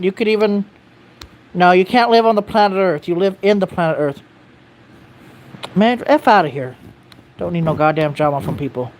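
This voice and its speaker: A livestreamer in loose, casual chat with a small audience, answering comments. They ramble, stumble over names and restart sentences. They swear offhand and speak at an ordinary, middling pitch. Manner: rambling, self-correcting, reads viewer comments aloud. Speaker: live streamer answering viewer chat.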